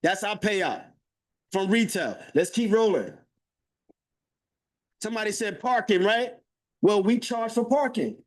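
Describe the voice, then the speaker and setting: A man giving a live webinar sales pitch, hyped and talking straight to the chat, repeating his phrases for emphasis. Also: lively intonation, a little slow, long pauses. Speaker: webinar presenter.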